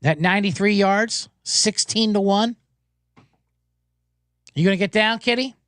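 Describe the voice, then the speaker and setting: A man hosting a sports betting show, talking casually and telling anecdotes with quick character voices. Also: high-pitched, clean tone, dry recording, studio quality. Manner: animated storyteller, doing quick voices in anecdotes.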